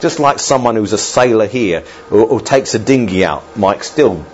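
A man preaching a sermon in a church, talking to the congregation in a conversational, animated way with asides to the people listening. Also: on the low side, moderate pace, highs cut off, a little hiss or hum.

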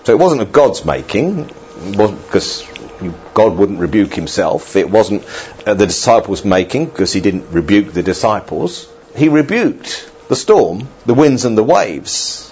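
A man preaching a sermon in a church, talking to the congregation in a conversational, animated way with asides to the people listening. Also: on the low side, unhurried, dull audio, slight background noise.

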